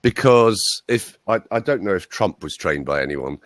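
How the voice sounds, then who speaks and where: A man's voice: sits low, expressive, normal speed, a bit bright, dry recording. A man, a voice coach telling chatty anecdotes as an interview guest. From England. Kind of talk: interview guest, conversational storytelling.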